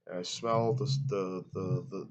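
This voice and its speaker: A man's voice: low voice, steady tone, a little slow, highs cut off, music in the background. A man with a congested, nasal voice reviewing a beer at home, rambling and hesitant with many fillers. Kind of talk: casual home review vlog. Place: at home, moving between rooms. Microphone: laptop built-in mic.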